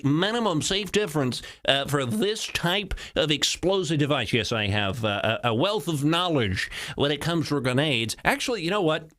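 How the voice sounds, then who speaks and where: A male talk show host delivers solo comedic news commentary, reading stories and joking about them in a wry, laughing way and slipping into mock voices. His voice is a little high and somewhat bright.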